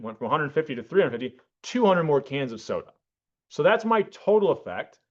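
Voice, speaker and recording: A man giving an economics class lecture, explaining step by step and often checking in with the class and correcting himself. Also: fairly high pitch. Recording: dull lo-fi classroom recording.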